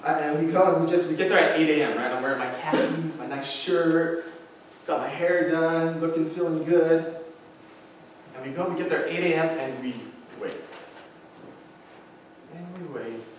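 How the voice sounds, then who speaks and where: Man telling his story in an echoey hall. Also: fairly even intonation. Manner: earnest, with dramatic pauses and a voice that sinks low and quiet. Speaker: motivational speaker. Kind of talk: personal story told to high school students. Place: large school hall. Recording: echoey hall, distant mic, faint hiss.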